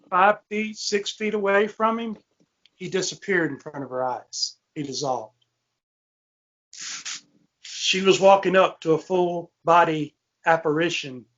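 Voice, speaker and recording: A man's voice: on the high side, fairly bright tone. A man hosting a podcast, telling a ghost story in a rambling way with lots of fillers and restarts. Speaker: podcast host. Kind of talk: casual storytelling. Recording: muffled lo-fi podcast audio.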